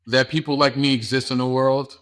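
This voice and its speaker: An earnest man speaks at an ordinary middle pitch. He talks casually as a guest on a podcast, repeating words as he searches for them. His feelings come through openly as he talks. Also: steady tone, fairly quick, a bit bright. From New York. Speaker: school principal, guest. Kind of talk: casual interview talk.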